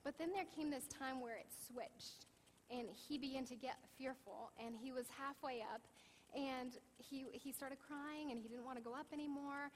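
A woman's voice: high voice, normal speed, long reverb tail, a little hiss or hum, poor audio. A woman in her thirties preaching a sermon in a church, telling personal stories in a candid, conversational way. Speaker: pastor.

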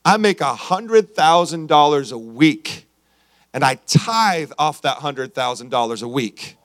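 A man voicing a calm, wealthy castaway who lounges unbothered in the shade. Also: a little high, measured pace, no echo, clean studio sound, pitched below the performer's own voice. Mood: smug. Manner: relaxed, unbothered.

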